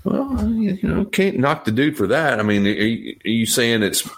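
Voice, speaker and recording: Wry man with a lively voice. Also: medium pitch, moderate pace. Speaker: podcast co-host. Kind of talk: casual chat.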